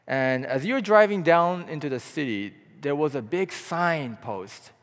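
A man preaching a sermon as pastor, impassioned, swinging between hushed, low passages and loud, rising appeals. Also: expressive, a little slow. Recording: long hall reverb.

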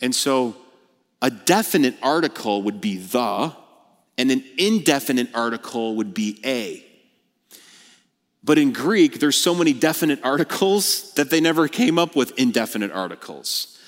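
Lively, blunt preacher man in a hall. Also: medium pitch, moderate pace. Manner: animated, blunt preaching with casual slang. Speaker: pastor. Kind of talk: sermon.

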